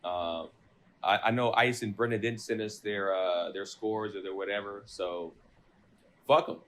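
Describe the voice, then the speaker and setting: A man co-hosting an anime podcast in casual chat, laid-back and quick to laugh. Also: on the low side, fairly even intonation, a bit bright. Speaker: podcast co-host.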